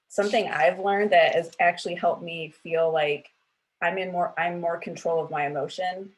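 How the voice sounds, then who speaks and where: A woman's voice: sits low, low-quality recording. A woman in her thirties at a church women's panel, talking casually and candidly, with lots of filler words and self-corrections.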